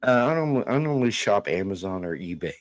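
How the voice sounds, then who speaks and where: A man's voice: low voice, very animated, no room sound. A man in his thirties co-hosting a casual livestream chat, reading viewer comments and telling family stories with many restarts. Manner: halting storyteller with many restarts.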